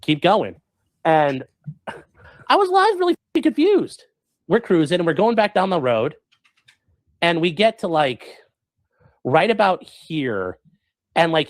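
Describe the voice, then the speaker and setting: A man streaming, telling a story to his chat in a rambling, animated way, full of fillers and acted-out quotes. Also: fairly high pitch, no echo. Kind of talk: casual storytelling to a live chat.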